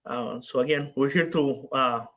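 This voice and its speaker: A man in the middle of his range presents on a webinar, halting often with filler sounds between phrases. The audio sounds muffled, as from a video call. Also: mid-range voice, fairly bright tone. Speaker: presenter for a community organization.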